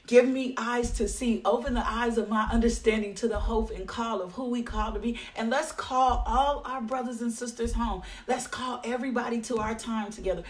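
A woman's voice: a little high, moderate pace, hardly any pauses, recorded from a distance. A woman leading a daily devotional, encouraging listeners and praying fervently with many repeated phrases. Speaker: devotional leader. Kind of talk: devotional talk and prayer.

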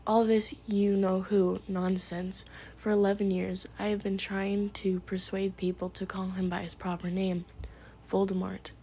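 A woman reading in a soft whisper, voicing a kindly old male wizard who speaks gently and with mild teasing, in whispered role-play. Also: medium pitch, flat delivery, measured pace, a little hiss or hum, close to an everyday voice. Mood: gentle.

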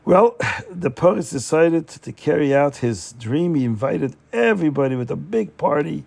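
A man narrates a story in a loose, chatty way, with frequent fillers and restarts. His voice is gravelly and husky, pitched slightly high but dark and mellow in tone. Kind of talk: casual oral storytelling.

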